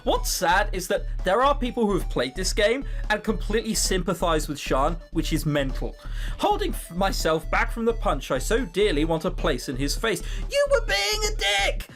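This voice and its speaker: A woman's voice: on the low side, very animated, normal speed, soft background music. A young woman reading a visual novel aloud and commenting, sweary and sarcastic. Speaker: let's play host.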